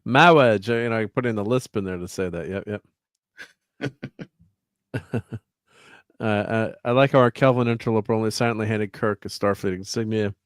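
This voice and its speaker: Low-voiced man hosting a casual livestream. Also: moderate pace, long pauses, dry recording, clean studio sound. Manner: rambling, chuckling, filler-heavy while fiddling with slides. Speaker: host.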